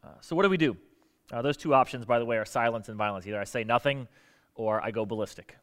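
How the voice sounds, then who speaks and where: A man's voice: medium pitch, quick pace, a bit bright, in a large hall. A middle-aged man preaching a sermon in a conversational way, asking the congregation questions and acting out the lines of people he quotes. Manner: conversational, asks the audience questions, acts out quoted voices. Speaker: pastor.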